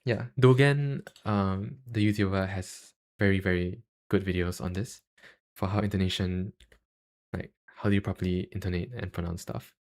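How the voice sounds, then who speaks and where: A man streaming, chatting casually about language tones in a halting way, with many fillers and self-deprecating asides. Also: low voice, steady tone, a little mellow. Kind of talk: casual livestream chat.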